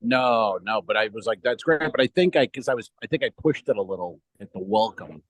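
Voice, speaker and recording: Low-voiced man rambling through a story. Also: expressive, brisk, dry recording, rough recording. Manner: rambling,喜 swearing, laughs while telling stories. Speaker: podcast co-host, comedian. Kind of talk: casual chat. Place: remote call from a cruise ship.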